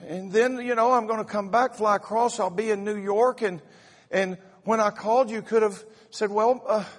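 A man's voice: high-pitched, fairly even intonation, normal speed, in a large hall, voice pushed up. A man voicing a fussy wife who lectures her husband over the phone, drawing out her words. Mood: scolding.

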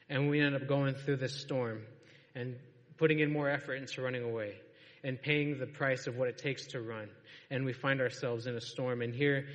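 In a church, a man with a medium-pitched, slightly bright voice preaches a sermon to the congregation. He tells it in a casual, storytelling way and laughs often, with the long reverb of a large hall around him.

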